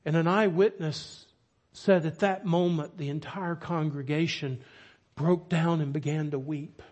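A man's voice: a little high, fairly even intonation, a little slow, a little mellow. A man preaching a sermon, with emphatic, dramatic storytelling. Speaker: pastor.

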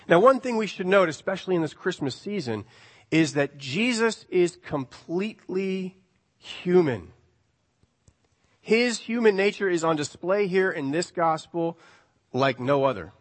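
A man's voice: high-pitched, lively intonation, normal speed, big-room sound. A male preacher giving a sermon, telling a story in a conversational way with rhetorical questions.

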